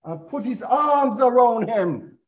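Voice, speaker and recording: A man's voice: very high voice, expressive, slow pace, rough recording. A middle-aged man preaching a sermon, retelling a parable as a story and quoting scripture.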